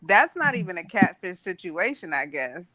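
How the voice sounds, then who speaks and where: A woman's voice: lowish voice, big pitch swings, moderate pace, a crowd in the background. A woman co-host in casual chat, reacting with short comments.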